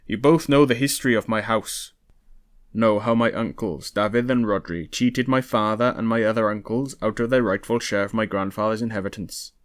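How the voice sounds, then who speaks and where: A man's voice: on the low side, no echo, clean studio sound, close to an everyday voice. A man reading as a determined young prince. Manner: measured and wry.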